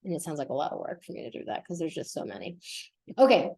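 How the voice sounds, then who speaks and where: A young woman hosting a casual podcast lesson, chatty and lively, often laughing and correcting herself as she explains vocabulary. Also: sits low, quick pace, vocal fry, husky. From United States. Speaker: Spanish teacher and podcast host.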